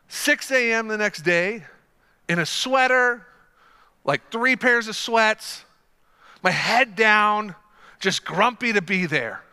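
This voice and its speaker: A young man preaching a sermon, telling a story with energy and swinging from quiet asides to loud excited bursts. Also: high voice, clean tone, long reverb tail. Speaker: pastor.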